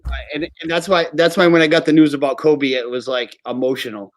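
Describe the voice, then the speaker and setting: A man co-hosting a casual sports podcast, talking haltingly with many fillers. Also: fairly high pitch, flat delivery. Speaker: podcast co-host.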